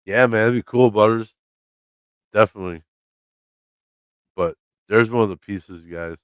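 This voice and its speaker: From his home beside the laundry room, a livestream host tells a loose, profane story, voicing the people in it. His voice is fairly low and smooth at normal speed, and the muffled recording carries no room sound.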